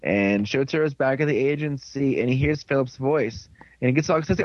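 A man's voice: on the high side, fairly quick, dry recording, muffled recording. Rambling man recapping an episode. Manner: rambling, dips into quoted voices. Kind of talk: casual chat, recapping a TV episode.

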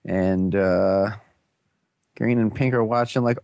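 A man's voice: on the low side, steady tone, takes it slowly, gravelly, pauses often, darkish tone, no echo. Young man rambling through a playful recap. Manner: playful, full of "like" and slangy asides, breaks into goofy quoted voices. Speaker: fan recapping a TV episode.

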